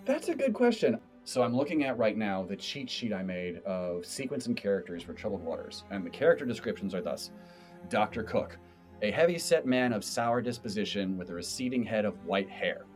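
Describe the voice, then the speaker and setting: A man's voice: lowish voice, a little fast, soft background music. A man hosting a podcast, chatting animatedly about running games and doing character voices. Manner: animated, explains by demonstrating voices. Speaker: game master and podcast host. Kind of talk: casual podcast chat.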